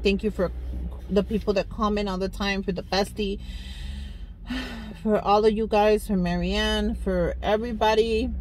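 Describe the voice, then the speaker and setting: A woman's voice: medium pitch, a little hiss or hum. A woman vlogger talking casually and emotionally to her viewers while on her way to work. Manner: emotional, heartfelt, rambling.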